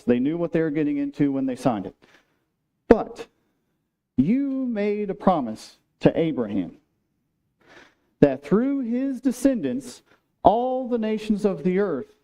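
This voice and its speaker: A man with a high, mellow voice preaches a sermon in a church sanctuary. He talks casually and with humor, slipping into lively acted-out voices for the quotes he reads. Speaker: pastor.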